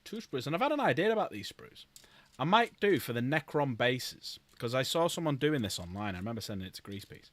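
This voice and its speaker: A man's voice: mid-range voice, very animated, a little fast, dry recording. Chatty man, dry close sound. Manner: rambling, chatty, talks to chat. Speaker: streamer. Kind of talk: casual live-stream chat while building models.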